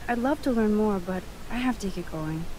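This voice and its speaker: A woman's voice: mid-range voice, lively intonation, moderate pace, natural voice. A woman plays a polite, curious teenage girl in a video game who asks question after question. The game audio carries a noisy hiss. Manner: polite, inquisitive.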